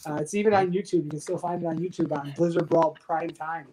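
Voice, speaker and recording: A man in his forties from the United States tells his stories as a podcast guest. He keeps it loose and lively and acts out what other people said. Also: a little high, fast talker, low-quality recording. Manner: animated storyteller acting out others' quotes. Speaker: guest, retired soldier and pro wrestler. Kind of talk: casual storytelling interview.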